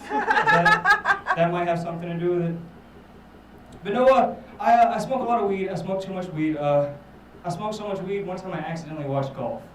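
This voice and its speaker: A man's voice: high-pitched, lively intonation, fairly quick, a bit bright, echoey room, distant mic, slight background noise, rough recording. A man doing a rambling, self-mocking stand-up set, swearing a lot. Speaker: stand-up comedian. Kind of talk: stand-up set at a live show.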